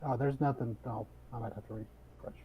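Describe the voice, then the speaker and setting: A man playing a tabletop game over an online voice session, talking in a relaxed, joking way. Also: mid-range voice, normal speed, slight background noise, poor audio. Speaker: player. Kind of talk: casual game talk.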